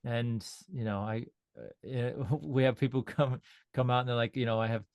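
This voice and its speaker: A man's voice: medium pitch, moderate pace, gravelly, no room sound. Sound healer man, casual interview, loose rambling delivery, dry close sound. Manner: relaxed, rambling with frequent restarts.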